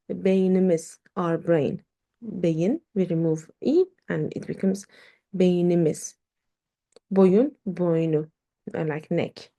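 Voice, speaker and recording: A woman teaching a language lesson in English, explaining slowly with many fillers and repeated words. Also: fairly low pitch, dark tone. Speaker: Turkish teacher.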